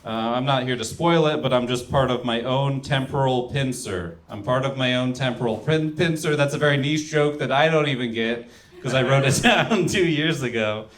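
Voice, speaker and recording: A man's voice: mid-range voice, normal speed. A young man doing a stand-up set, delivering one-liners and trailing off into mumbles between jokes. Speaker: stand-up comedian. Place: comedy club stage.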